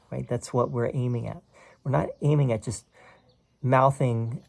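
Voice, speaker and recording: A man's voice: medium pitch, gravelly, darkish tone, husky. A man teaching a spiritual text in a casual, conversational way, explaining passages and often checking in with "right?". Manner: explains quoted text line by line.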